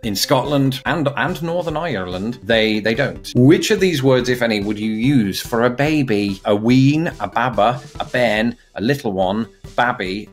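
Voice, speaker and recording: A young man from England, chatting wryly as a video host, with faint music behind. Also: fairly low pitch. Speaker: YouTube host. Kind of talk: casual commentary.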